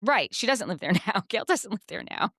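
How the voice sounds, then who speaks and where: A woman's voice: mid-range voice, normal speed, dry recording, studio quality. A woman co-hosting a podcast, recapping episodes in casual chat and acting out what people said. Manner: animated storyteller, acts out quotes. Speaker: podcast co-host.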